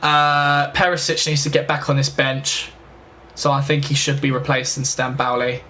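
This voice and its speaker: A young man hosting a casual let's-play, chatting straight to his viewers and quick to get annoyed. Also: mid-range voice, little pitch movement, bright, forceful tone, slight background noise. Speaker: gaming channel host.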